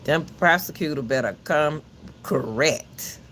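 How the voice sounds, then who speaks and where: Man with a loud coach's voice. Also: on the high side, a little slow, a little hiss or hum. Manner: emphatic and preachy, with repeated words. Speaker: channel host commenting on a court case. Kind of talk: casual spoken commentary.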